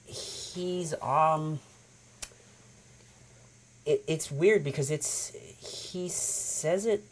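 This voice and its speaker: A man who works as a voice actor, a guest in a casual chat, telling lively anecdotes and acting out quotes. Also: a little high, very slow. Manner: animated anecdote-teller who acts out quotes.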